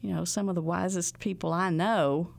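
A woman from the Ozarks with an Ozark accent, explaining local folkways in an unhurried, folksy way and drawing out her words. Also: fairly low pitch, steady tone, vocal fry. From Ozarks, USA. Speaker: presenter of Ozark folkways programs. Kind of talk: interview, storytelling explanation.

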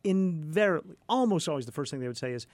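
A man interviewing a guest on radio in a relaxed way, with easy laughter and short prompts. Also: a little high, quick pace, dry recording. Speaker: radio news director, interviewer.

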